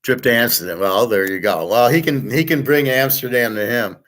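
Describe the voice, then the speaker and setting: A man's voice: mid-range voice, moderate pace, fairly bright tone. A man hosting a show, talking in a blunt, rambling way, with frequent restarts and swearing. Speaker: host. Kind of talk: casual rambling chat.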